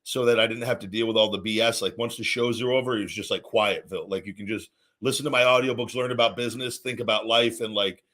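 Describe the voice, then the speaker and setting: A man, a former wrestler, hosting a casual podcast and telling relaxed road stories with frequent restarts. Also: on the low side, quick pace, hardly any pauses.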